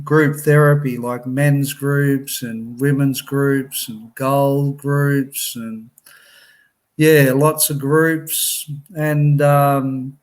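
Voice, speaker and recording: Slow-talking man telling his story. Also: mid-range voice. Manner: conversational storytelling, frequent restarts and laughs. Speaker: speaker sharing his life story. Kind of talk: personal testimony talk.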